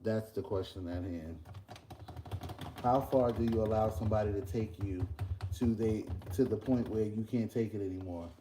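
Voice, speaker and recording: A young man, chatting casually in a vlog while cooking breakfast at work, telling an animated story. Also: lowish voice, moderate pace, background noise. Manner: animated ranting storyteller, loose and conversational. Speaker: vlogger and podcast host. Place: workplace kitchen.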